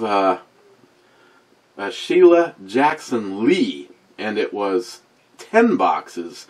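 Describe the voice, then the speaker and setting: In his sixties and fairly low-voiced, this wisecracking man runs a beer review as loose, rambling talk to camera. He curses freely, drifts off topic and swaps jabs with his voice assistant.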